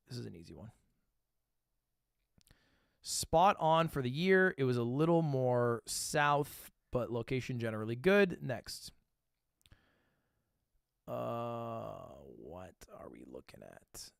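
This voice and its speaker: Lively, swearing streamer thinking out loud. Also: male voice, medium pitch, vocal fry, smooth, no room sound, clean studio sound. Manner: thinks aloud, swears casually, quick self-mocking asides. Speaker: livestreamer. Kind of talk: casual livestream commentary while playing a guessing game.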